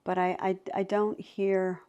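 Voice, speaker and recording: A woman's voice: medium pitch, measured pace, muffled recording. A middle-aged woman, a psychic medium, telling stories in a conversation and acting out the voices of the people in them. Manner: animated, acts out voices in her stories. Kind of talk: storytelling in a conversation.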